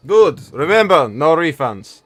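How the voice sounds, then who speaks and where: A man's voice: a little high, big pitch swings, a little slow, voice pushed up. A man voicing a curt, businesslike male weapon shopkeeper.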